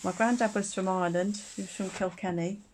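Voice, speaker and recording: A woman's voice: mid-range voice, fairly even intonation, brisk, a little mellow, slight background noise. Chatty woman demonstrating crafts. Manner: chatty, rambling asides, laughs often. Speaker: craft tutor. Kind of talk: casual live craft demonstration.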